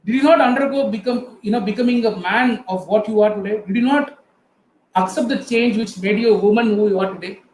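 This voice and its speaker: A man's voice: high-pitched, a little fast, a little mellow, a little hiss or hum. A middle-aged man with an Indian English accent, giving an earnest motivational talk and speaking directly to his audience. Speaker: guest speaker. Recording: echoey room with faint ambience.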